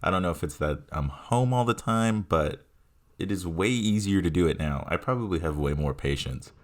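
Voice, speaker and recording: A young man in his twenties with a very low voice hosts his own podcast. He talks casually in a rambling, profane, self-deprecating way, recorded on a home mic. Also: expressive, normal speed. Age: 20s. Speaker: podcast host. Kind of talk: casual solo podcast monologue. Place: home room. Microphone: headphones with home mic.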